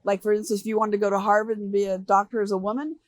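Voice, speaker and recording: An older American woman answering interview questions, telling animated stories and acting out the voices of people she quotes. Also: mid-range voice, very fast, no echo. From United States. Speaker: interview guest. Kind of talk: relaxed storytelling interview.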